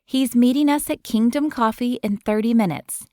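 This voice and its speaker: A woman's voice: fairly high pitch, moderate pace, darkish tone, no room sound, voice pushed up, lightly acted. Woman voicing a young woman stylist, upbeat, bossy, coaxing, dry recording. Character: confident young woman stylist, brisk and teasing.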